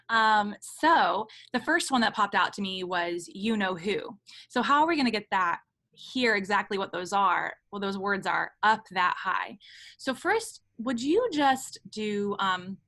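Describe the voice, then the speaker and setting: A woman's voice: medium pitch, expressive, measured pace, sharp tone. A woman voice teacher running an online lesson over a video call, often demonstrating with sung meows.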